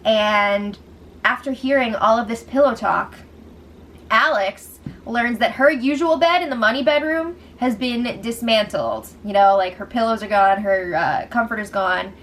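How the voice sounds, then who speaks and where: A woman hosting a casual reality show recap, sarcastic and quick to laugh. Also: on the high side, a bit bright, slight background noise. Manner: sarcastic, laughs often, quotes people in mocking voices.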